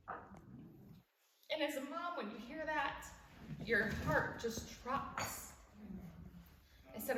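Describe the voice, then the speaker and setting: A woman's voice: on the high side, normal speed, long pauses. Woman telling a story in an echoey church hall. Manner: warm storytelling, laughs at her own stories, acts out quoted voices. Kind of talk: personal story with a devotional message. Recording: echoey hall from far off with background noise.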